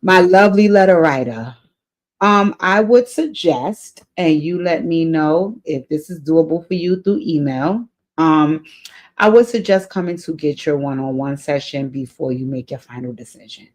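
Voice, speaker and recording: A woman's voice: deep voice, lively intonation, normal speed, darkish tone. Earnest woman advice host, repeating herself. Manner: earnest, repeats key phrases, emotional. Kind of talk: advice vlog addressing a letter writer.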